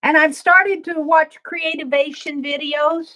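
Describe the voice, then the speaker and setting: A middle-aged woman from the American Midwest talks through her art stream in a high voice. She rambles slowly and easily while she works. She laughs often between thoughts. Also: fairly even intonation, sharp tone. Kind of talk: casual crafting livestream chat.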